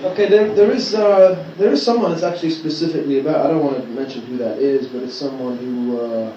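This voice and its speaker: A man answering fans' questions in a club, easygoing and joking, with halting restarts. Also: mid-range voice. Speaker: musician answering fan questions. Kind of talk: casual Q&A. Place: club venue at a fan meeting. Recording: roomy distant muffled audience tape. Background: loud crowd and noise.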